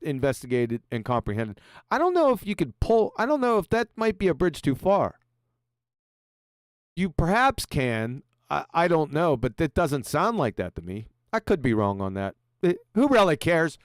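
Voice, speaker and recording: A man heckling a video with sarcastic, profane jabs. His voice is smooth and clear, and it swings widely in pitch. The sound is dry and close. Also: big pitch swings, moderate pace, dry recording. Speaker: host reacting to a video. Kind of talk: mocking commentary over a clip.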